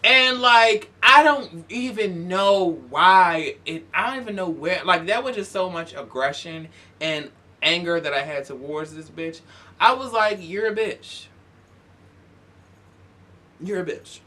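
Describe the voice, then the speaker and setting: A young man telling a story in a casual vlog, animated, profane and sassy. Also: sits high, unhurried. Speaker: YouTuber.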